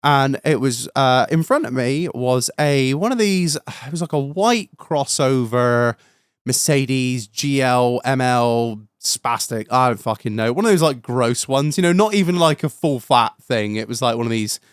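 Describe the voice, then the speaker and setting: A young British man, a podcast host, telling a story in casual chat, animated, swearing and laughing as he goes. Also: medium pitch, a little slow, smooth, dry recording, studio quality.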